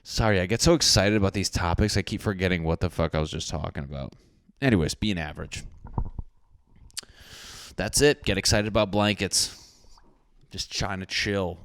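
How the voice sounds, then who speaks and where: A young man with a low, deep voice runs a casual solo podcast, riffing and ranting in a crude, jokey way full of swearing. The sound is dry and close, with no room echo. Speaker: podcast host.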